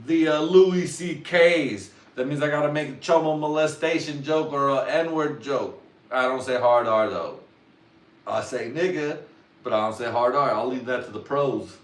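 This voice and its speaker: A man's voice: medium pitch, recorded from a distance. A man workshopping jokes on a livestream in a rambling, profane, self-doubting way. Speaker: livestream comedian. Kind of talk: casual livestream joke workshopping. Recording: roomy, away from the mic.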